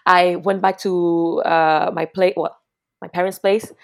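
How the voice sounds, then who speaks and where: A young woman telling a personal story in casual chat, loose and profane, with many restarts, swinging from hushed to laughing loudly. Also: fairly low pitch, level tone, a little slow, vocal fry.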